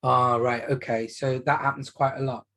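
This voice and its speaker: Brief: man as a gentle GP, soft-spoken, probing questions, in a training role-play. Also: medium pitch, little pitch movement, moderate pace. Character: calm, patient GP doctor consulting.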